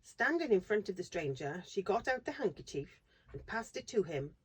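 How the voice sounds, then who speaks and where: A woman reading a classic children's novel aloud in a steady, expressive narration. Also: medium pitch, normal speed, breathy edge. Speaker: reader. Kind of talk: storybook read-aloud narration.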